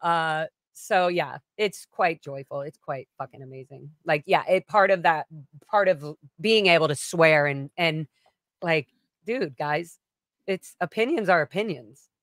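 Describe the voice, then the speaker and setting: A woman singer chats over a video call in a loose, rambling way, often starting sentences over and swearing freely. Her voice sits a little low and sounds dry and close, with no room echo. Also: unhurried, fairly bright tone. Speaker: singer and interview guest. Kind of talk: casual interview chat.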